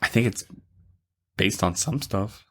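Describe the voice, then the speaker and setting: A man's voice: fairly low pitch, lively intonation, measured pace. A man co-hosting a podcast in casual chat, easygoing and teasing, reading out film facts. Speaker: podcast co-host.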